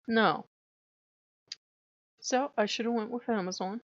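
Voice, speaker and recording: A woman's voice: fairly high pitch, slow pace, dry recording. A woman ranting in a casual vlog, swearing a lot and sounding fed up. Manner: profane, exasperated venting. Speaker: vlogger. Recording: dull lo-fi sound.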